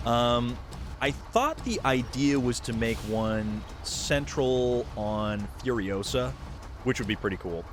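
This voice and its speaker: A man of medium pitch talks at a measured pace during a live game stream, with noise in the background. Rambling and joking, he chats with viewers and reads their comments aloud.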